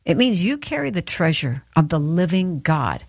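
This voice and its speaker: A woman delivers an earnest devotional talk in a fairly low voice, speaking straight to the listener with encouragement. The sound is dry and close, with no room around it. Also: very animated, normal speed, no room sound. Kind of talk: sermon-style devotional talk.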